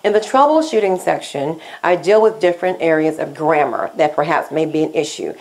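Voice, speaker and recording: A woman teaching a scripted Spanish lesson, speaking slowly and deliberately as she switches between English and Spanish. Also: low voice, a little mellow, low-quality recording.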